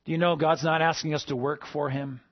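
Man, pastor, sermon, emphatic peaks then soft lows, dry, muffled recording. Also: fairly even intonation, a little fast, dry recording.

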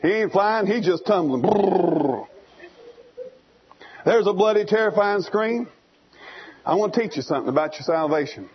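Husky high-voiced preacher. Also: male voice, a little fast, highs cut off. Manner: fiery storytelling, swinging between hushed and shouting. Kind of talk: sermon.

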